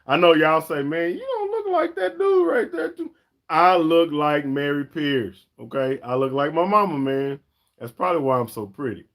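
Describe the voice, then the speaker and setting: A man, hosting a casual live-stream chat for a fishing channel, talking in a chatty, emphatic way and often calling viewers "y'all" and "man". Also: mid-range voice.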